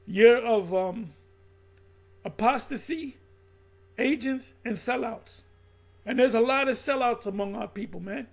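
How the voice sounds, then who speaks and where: A man's voice: very high voice, unhurried, creaky, pauses often. A middle-aged man preaching and riffing off what he reads aloud, blunt and profane, calling people out as he goes. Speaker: religious teacher.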